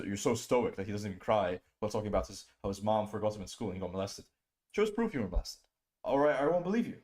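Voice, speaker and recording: Profane, scornful male streamer ranting. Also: lowish voice. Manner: profane, scornful, mocking whiny impressions. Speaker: streamer host.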